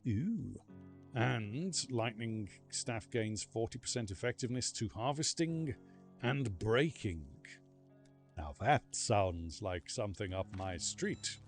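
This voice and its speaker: A man's voice: fairly low pitch, lively intonation, slow pace, soft background music. A man streaming a game live, chatting casually with viewers in a rambling, self-mocking way. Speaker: livestreaming gamer. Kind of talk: casual live gameplay chat.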